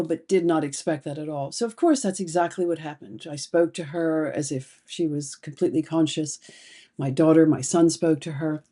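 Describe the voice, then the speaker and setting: A middle-aged woman therapist speaking slowly and deliberately, telling emotional personal stories in a reflective talk to camera. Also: sits low, warm tone. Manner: slow, deliberate, emotional storytelling.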